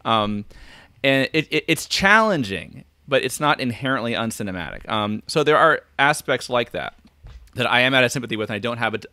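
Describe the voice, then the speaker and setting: Man, podcast guest, video call, bright tense voice, dry close sound, acts out quoted lines. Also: medium pitch, animated, fairly quick, dry recording. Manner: thinking aloud, acting out quoted lines. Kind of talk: casual video call chat.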